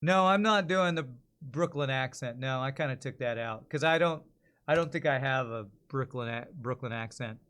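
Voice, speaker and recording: A man streaming while he works on voice-over lines, thinking out loud and correcting himself as he goes. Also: mid-range voice, moderate pace, clean tone. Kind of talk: casual live stream chat.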